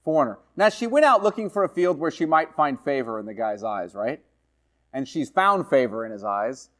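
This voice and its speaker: A male pastor teaches a Bible passage in church, reading the verses slowly and then unpacking them in a conversational style. His mid-range voice is sing-song and fairly bright, and he keeps asking "right?" and "okay?" along the way.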